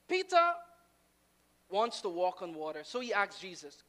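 A woman preacher delivering a sermon with dramatic, animated storytelling. She drops to a near hush and then rises loud again as she tells the story. She speaks in a middle pitch. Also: moderate pace.

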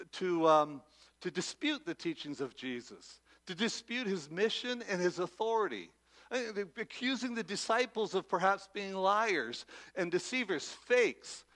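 A man's voice: sits high, fairly bright tone. A man reading scripture aloud and then preaching a sermon in an earnest way, with many fillers and repeated words. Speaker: pastor.

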